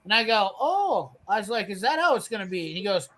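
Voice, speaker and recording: A brash man with a high, bright voice, swearing freely as he spins a story. He acts out the other people's lines while he tells it, in loose, casual chat. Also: very animated, fairly quick. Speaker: storyteller on a live garage show.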